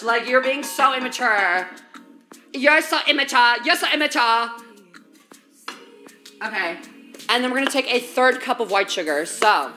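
A woman's voice: medium pitch, bright, forceful tone. A young woman streaming while she bakes, chatting in slangy, profane valley-girl talk straight to her viewers from a home kitchen. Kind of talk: casual baking livestream chat.

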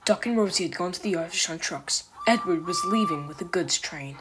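A woman narrating a children's storybook with calm, even storytelling. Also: fairly low pitch, brisk, noisy background. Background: background music.

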